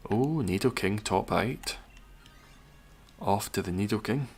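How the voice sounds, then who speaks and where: Lowish-voiced man chatting on a game stream. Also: lively intonation, slow, a little mellow, a little hiss or hum. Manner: chatty, reads out and answers chat, dry teasing humor. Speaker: live-stream host. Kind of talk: casual live-stream commentary while gaming.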